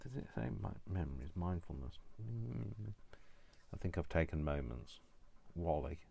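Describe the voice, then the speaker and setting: A man with a very low voice talks his way through a craft project at an unhurried pace. He rambles to himself, teases himself and slips into giggles easily. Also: expressive, gravelly, mellow, breathy edge. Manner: talks to himself while working, rambling and self-mocking. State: prone to giggling fits. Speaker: crafting video host. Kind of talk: casual crafting vlog narration.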